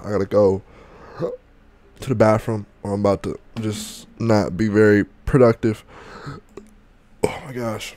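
A man's voice: on the low side, little pitch movement, a little slow, a little mellow, dry recording. A young man gaming and chatting casually, out of breath and burning from hot wings, groaning and joking between exclamations. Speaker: gaming YouTuber.

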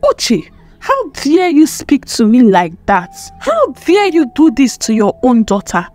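A woman's voice: high-pitched, huge pitch swings, measured pace, darkish tone, soft background music, full character voice. A woman voicing a guilty wealthy mother who is indignant and defensive.

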